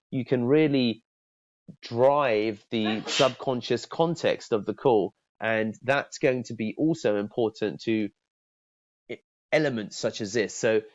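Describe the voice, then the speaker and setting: A sales trainer with a medium-pitched, slightly mellow male voice teaches cold-calling technique in a casual spoken training talk. He often repeats words and acts out friendly phone openers in a lifted voice. The recording is muffled but has no echo.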